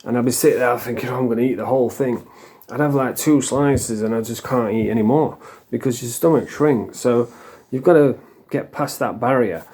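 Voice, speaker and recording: A man's voice: mid-range voice, brisk, darkish tone, breathy edge. A middle-aged man from England, talking casually and bluntly to camera, rambling and swearing freely. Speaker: vlogger.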